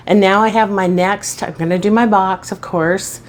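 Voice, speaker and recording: A woman's voice: mid-range voice, fairly even intonation, moderate pace, slight background noise. A woman in her sixties giving a chatty, upbeat tour of her closet in a casual home vlog. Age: 60s. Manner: chatty and upbeat, exclaiming as she shows things. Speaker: vlogger. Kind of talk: casual show-and-tell vlog.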